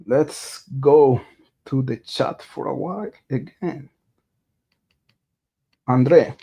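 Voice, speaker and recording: A man's voice: medium pitch, extremely slow, gravelly, dark tone, breathy edge. A man hosting a casual true crime livestream. He hesitates often, with lots of filler sounds and restarts, and he reads viewer chat aloud and greets viewers.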